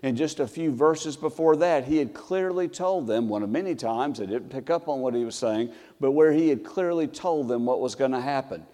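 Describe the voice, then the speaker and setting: A man's voice: normal speed, hardly any pauses. Earnest preaching man in a reverberant church. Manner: earnest preaching, rising for scripture, dropping low and soft. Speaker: pastor. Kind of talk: sermon. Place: church sanctuary.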